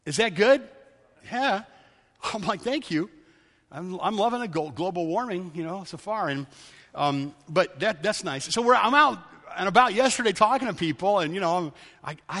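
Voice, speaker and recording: A man's voice: on the high side, normal speed. Guy giving a sermon, chatty storyteller, big echoey church hall. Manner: conversational storytelling, lively then hushed and earnest. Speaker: preacher.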